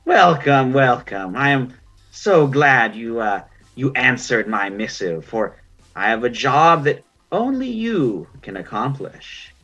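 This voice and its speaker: A man's voice: medium pitch, sing-song, slow, a bit bright, faint music behind, heavily acted. A man voicing an ancient, gap-toothed female otter who rules as pirate queen, speaking in a gracious, grand manner. The audio is dull and lo-fi.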